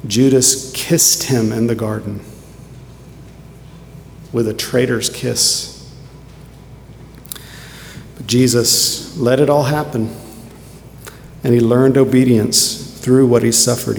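A man preaching a sermon earnestly, moving between quiet reflection and emphatic points. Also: mid-range voice, steady tone, takes it slowly, creaky, pauses often, slight background noise. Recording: echoey hall with faint ambience.

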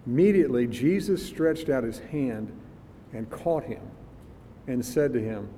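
A man's voice: animated, normal speed, dark tone. Older male preacher in a reverberant hall. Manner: conversational, musing aloud, sometimes laughing. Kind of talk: sermon. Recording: reverberant hall with faint rumble.

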